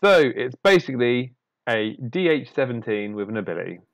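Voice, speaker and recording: Gravelly man breaking down card stats. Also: medium pitch, big pitch swings, no room sound. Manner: laughing, quick analytical chatter. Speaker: podcast co-host. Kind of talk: casual card-game discussion.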